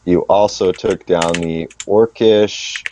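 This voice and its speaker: A man running a tabletop game as game master, unhurried as he narrates and tallies rules and experience points. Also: low voice, steady tone, darkish tone, slight background noise. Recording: dull lo-fi dry sound.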